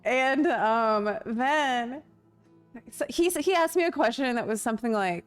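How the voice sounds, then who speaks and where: A woman streams and tells a story in a fairly high voice. She takes her time, laughs often and swears casually. Faint music plays under her as she acts out the lines she quotes. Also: takes it slowly, long pauses, clear, resonant tone. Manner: animated retelling with frequent laughter and casual swearing.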